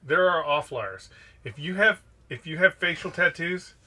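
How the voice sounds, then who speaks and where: An opinionated man argues his point emphatically on a casual podcast. His voice is very bright and sharp, and pitched a little high. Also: expressive, normal speed. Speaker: podcast co-host.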